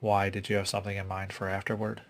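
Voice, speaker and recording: A man voicing a bland, teasing young man of nineteen in a read-aloud suspense story, with a low, flat delivery. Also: fast talker.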